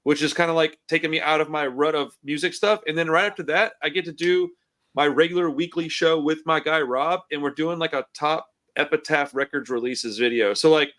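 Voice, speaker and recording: A man's voice: on the high side, a little fast, a bit bright. A man in his forties hosting a podcast, chatting in a laid-back, rambling, profane way over a computer call. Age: 40s. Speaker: podcast host. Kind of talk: casual podcast chat. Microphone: computer call mic.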